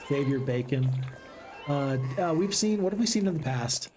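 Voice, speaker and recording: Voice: medium pitch, animated, takes it slowly, darkish tone, faint music behind. A gaming channel host giving upbeat, casual let's-play commentary and chatting with viewers.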